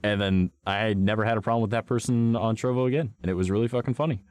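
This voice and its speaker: A man's voice: lowish voice, fast talker, darkish tone, no echo. A young adult man streaming, telling a story in casual chat, blunt and profane.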